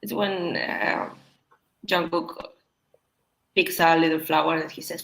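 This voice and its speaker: A woman whose first language is Spanish, co-hosting a casual chat in a lowish, gravelly voice. She switches between languages and hesitates now and then. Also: steady tone, measured pace, long pauses, rough recording. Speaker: co-host.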